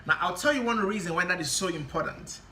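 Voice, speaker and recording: An exam-prep tutor giving a spoken lesson to camera, speaking deliberately and stressing key words while laying out tips step by step. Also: medium pitch, expressive, pushed and bright, slight background noise. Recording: roomy echo.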